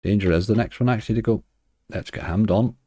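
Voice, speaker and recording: A man's voice: lowish voice, quick pace, dark tone, dry recording, studio quality. A man streaming slots, chatting casually and answering viewers' comments. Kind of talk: casual livestream chat.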